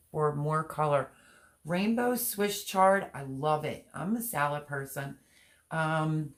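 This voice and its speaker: A woman with a fairly low voice hosts a relaxed live stream. She chats and rambles, holds up seed packets while she talks, and reads viewer comments aloud to answer them. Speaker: gardening channel host. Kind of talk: casual live-stream chat.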